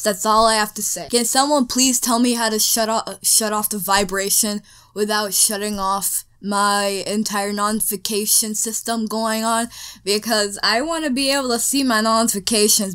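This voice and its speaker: A woman's voice: medium pitch, fairly bright tone, smooth. A teenage girl rambling casually to a desk microphone at home while she paints, talking in a scattered way and trailing off between topics. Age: teens. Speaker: speedpaint vlogger. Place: bedroom at home.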